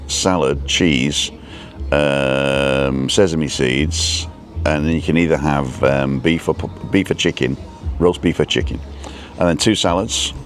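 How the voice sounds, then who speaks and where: A man hosting a casual live stream outdoors at a viewpoint cafe, reading a menu aloud and chatting with viewers. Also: very deep voice.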